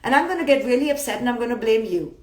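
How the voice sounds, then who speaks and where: A woman speaks in a fairly high voice, giving a motivational talk over a live stream. She is emphatic and playfully blunt, and she hammers her points home by repeating words. The room rings with a noticeable echo. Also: lively intonation, rapid-fire. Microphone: phone live stream. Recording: roomy echo.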